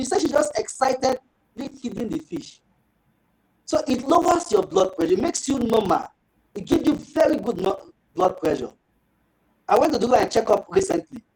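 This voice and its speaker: A man giving a fish farming training talk, lively and rhetorical, acting out little dialogues. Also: sits high, poor audio.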